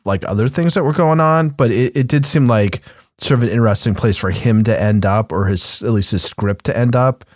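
A man's voice: fairly low pitch, a little mellow, no echo, studio quality. A man on a podcast panel, musing in loose, rambling casual chat.

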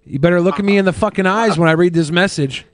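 A man with a fairly high voice co-hosts a comedy podcast, reading aloud in a mock-solemn tone. The sound is dry and close. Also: fast, dry recording. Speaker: podcast co-host.

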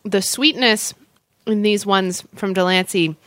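A woman's voice: medium pitch, a little slow, fairly bright tone, no echo, clean studio sound. Chatty woman talking with her mouth full. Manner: chatty, eating while talking. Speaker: co-host. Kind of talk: casual food chat.

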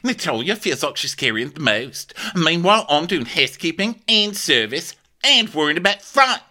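A man's voice: fairly high pitch, sing-song, normal speed, pushed and bright. A man co-hosting a podcast, chatting in a casual, comedic way and jumping into exaggerated voices of people. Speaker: podcast co-host. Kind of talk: casual comedic recap chat.

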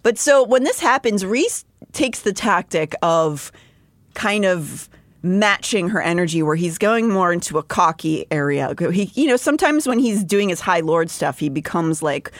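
Woman podcast co-host, lower voice, relaxed plot recap with frequent laughs, dry studio sound. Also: normal speed, no room sound. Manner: laughs often, summarizes plot conversationally. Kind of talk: casual book discussion.

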